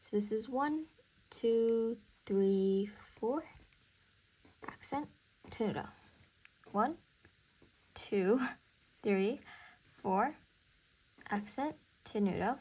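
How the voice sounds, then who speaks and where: A woman's voice: on the high side, extremely slow, long pauses, darkish tone, breathy edge. A young woman teaching music theory in a casual recorded lesson, thinking aloud and counting beats.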